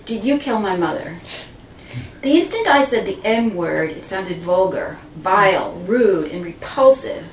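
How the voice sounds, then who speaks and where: A woman telling a dramatic first-person story, theatrical and swinging between breathless and hushed. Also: mid-range voice, expressive, measured pace, slight background noise. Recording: roomy, distant mic with faint ambience.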